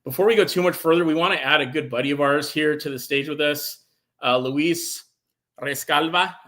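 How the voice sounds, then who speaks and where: A man hosting a casual sports talk show, enthusiastic and animated, reading out viewer comments. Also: on the high side, moderate pace. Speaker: podcast host.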